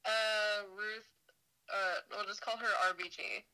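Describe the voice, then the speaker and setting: Slow-talking bright young woman. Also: medium pitch, fairly even intonation, clear, resonant tone, poor audio. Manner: laughs easily, slow and chatty. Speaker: podcast co-host. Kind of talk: casual chat.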